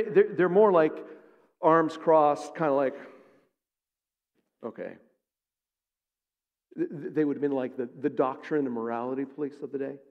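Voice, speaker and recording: A man's voice: mid-range voice, highs cut off. A man preaching a sermon as pastor, speaking emphatically and putting rhetorical questions to his congregation. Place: church sanctuary. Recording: long reverb of a large sanctuary.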